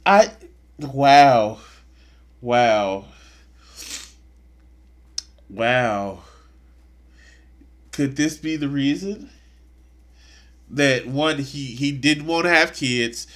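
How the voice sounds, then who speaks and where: A man's voice: mid-range voice, very slow, long pauses, fairly bright tone. A man streaming live, commenting on clips in a mocking, crude way. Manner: mocking, crude, bursts into laughter.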